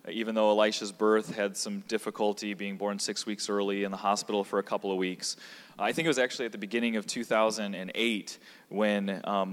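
Low-voiced man preaching in a hall. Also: a bit bright, clean tone. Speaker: preacher sharing a marriage testimony. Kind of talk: personal testimony at a church gathering. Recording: long reverb in a large hall.

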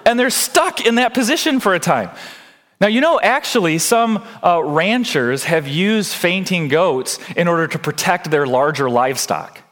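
A male pastor delivers a sermon in an earnest way. His voice sits somewhat high for a man. He keeps turning to the congregation with direct questions. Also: expressive, normal speed, fairly bright tone.

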